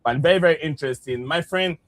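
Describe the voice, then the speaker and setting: A man's voice: fairly high pitch, quick pace, fairly bright tone, no room sound. A man hosting a football live stream, chatting with viewers directly in a hesitant way with many "uh" fillers. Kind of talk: casual football chat with viewers.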